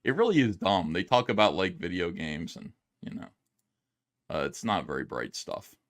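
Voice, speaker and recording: A man streaming his reactions to videos, yelling and swearing in an exasperated rant from home. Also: deep voice, sing-song, normal speed. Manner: loud, exasperated, profane yelling. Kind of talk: angry commentary rant. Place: home, downstairs.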